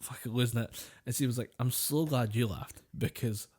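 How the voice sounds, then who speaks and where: A man's voice: mid-range voice, normal speed, a little mellow, breathy edge. Man, podcast co-host, casual chat, rambling storyteller, swears a lot, laughs often.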